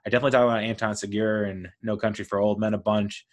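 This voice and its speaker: Male podcast host, fairly low voice, excitable and rambling solo talk. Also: very fast. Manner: enthusiastic, rambling, lively storytelling.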